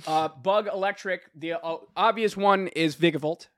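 A man's voice: high voice, normal speed, a crowd in the background. A man co-hosting a podcast, chatting casually while playing a trivia game, swearing freely and laughing. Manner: loose, swears freely, laughs, hesitant restarts. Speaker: podcast co-host.

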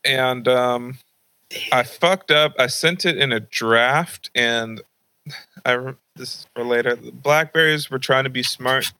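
A young man on a podcast, casually telling a funny personal story and acting out high-pitched voices of his mom and grandma. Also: measured pace, pushed and bright, clean tone, rough recording. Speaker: podcast host.

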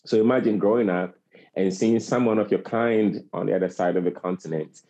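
A man's voice: on the low side, a little fast, mellow. A man in his forties from Africa, a guest speaking earnestly and passionately, repeating phrases for emphasis. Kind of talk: earnest interview talk. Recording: slightly dull lo-fi recording.

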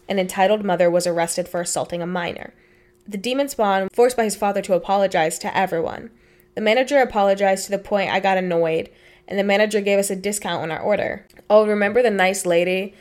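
A woman's voice: medium pitch, darkish tone. A young woman co-hosting a podcast, reading stories aloud and chatting in a blunt, matter-of-fact way with casual swearing. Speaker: podcast co-host.

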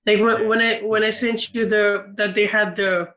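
A man's voice: high voice, little pitch movement, normal speed, sharp tone, low-quality recording. A man co-hosting a film podcast, casual and heated, swearing and rambling with many restarts. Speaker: podcast co-host.

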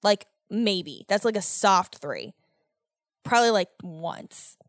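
A young American woman hosts her own podcast, telling a story in a loose, chatty monologue. She swears often and rants with exasperated energy. Her voice sits at an ordinary pitch, recorded close and dry with almost no room sound. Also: dry recording. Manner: profane, animated, exasperated ranting. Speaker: podcast host.

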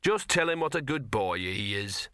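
A man voicing a scruffy, wheezing old male talking dog, gruff and sardonic. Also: fairly low pitch, very animated, normal speed, pushed and bright, no room sound, clean studio sound.

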